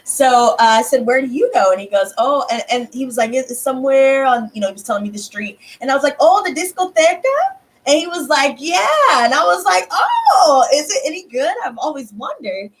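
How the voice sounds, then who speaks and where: A high-pitched woman tells stories to her viewers in a loose, chatty way. She swears freely and jumps into other people's lines as she acts out conversations, with big leaps in her voice. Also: quick pace, hardly any pauses. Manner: animated, swears freely, acts out dialogue in bursts. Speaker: tarot reader and channel host. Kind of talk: casual storytelling to viewers.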